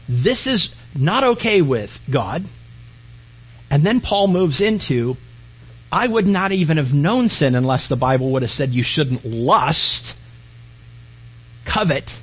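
A man preaches a sermon with a husky, breathy edge. His voice sits high for a man. He swings between raised, emphatic lines and soft, hushed ones. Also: low-quality recording. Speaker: pastor.

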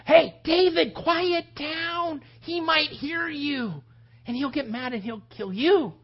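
A man's voice: very high voice, moderate pace, highs cut off. A man voicing an eager, fearless young shepherd boy who speaks boldly and with indignation, in a sermon retelling. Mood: defiant. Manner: bold, excited, indignant.

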